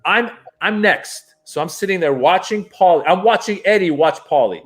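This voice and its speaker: Animated male stand-up comedian telling stories. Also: sits high, normal speed. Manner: animated, acts out voices in his anecdotes. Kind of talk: casual storytelling interview.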